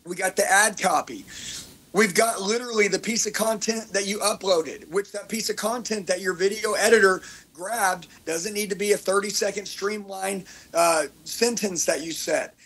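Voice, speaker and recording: A fired-up man with a husky, fairly high voice runs a motivational seminar. He talks intensely and preaches, often repeating his points and checking that the crowd is following him. His delivery sounds driven and insistent. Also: normal speed, a bit bright, low-quality recording. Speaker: speaker teaching content creation. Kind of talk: energetic motivational seminar talk.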